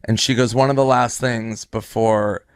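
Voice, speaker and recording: A man's voice: fairly low pitch, steady tone, normal speed, clean tone, no room sound. Male comic, laid-back storyteller, dry close sound. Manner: loose, swears freely, acts out both sides of a dialogue. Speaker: stand-up comic. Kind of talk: casual storytelling.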